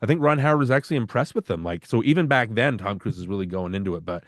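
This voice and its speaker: A man co-hosting a podcast, chatting casually about films in a rambling way, full of fillers and quick to laugh. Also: fairly low pitch, lively intonation, no echo, clean studio sound. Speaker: podcast co-host. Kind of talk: casual film-discussion chat.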